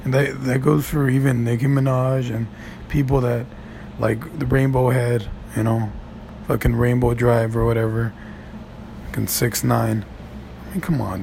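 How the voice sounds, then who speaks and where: A man in a profane stand-up style rant, gravelly, animated, swinging from low mutters to high shouts. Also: moderate pace, slight background noise.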